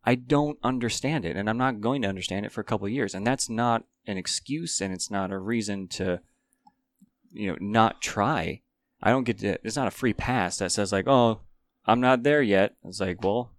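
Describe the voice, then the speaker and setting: A man's voice: lowish voice, fairly quick, no echo. Man in casual, reflective podcast chat.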